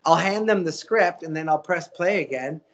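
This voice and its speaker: A man, a voice actor guest, telling stories in a casual interview, lively and coaching with acted-out quotes. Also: on the high side, moderate pace, lo-fi sound. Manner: animated, acts out quotes, coaching.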